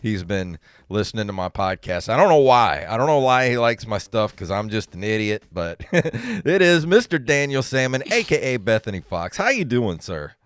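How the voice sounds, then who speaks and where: Animated, laughing male podcast host. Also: mid-range voice, moderate pace, hardly any pauses, clear, resonant tone. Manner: laughs often, animated and joking. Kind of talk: casual podcast chat.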